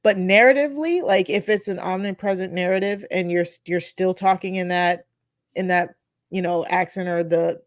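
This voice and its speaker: A woman's voice: on the low side, normal speed, no room sound, studio quality. A woman co-hosting a casual podcast film review, rambling through her thoughts and laughing often. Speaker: podcast co-host.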